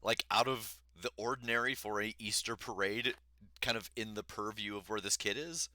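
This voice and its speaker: A man's voice: lowish voice, moderate pace, pushed and bright, no echo. A man playing a tabletop game, asking questions in a playful, casual way. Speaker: player.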